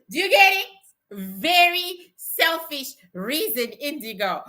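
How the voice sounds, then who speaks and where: A woman's voice: sits high, pushed and bright. A middle-aged woman, chatting casually as a spiritual teacher, blunt and profane and laughing often. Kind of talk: casual livestream chat.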